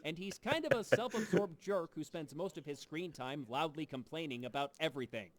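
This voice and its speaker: Man, sardonic film-recap narrator, lively mocking delivery, slightly higher voice. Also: a little fast. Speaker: film review show narrator. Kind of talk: scripted comedic film recap.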